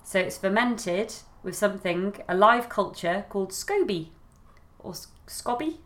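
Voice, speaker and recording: A woman's voice: mid-range voice, measured pace, fairly bright tone. Chatty woman podcast co-host. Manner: chatty, giggly, self-deprecating. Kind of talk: casual chat.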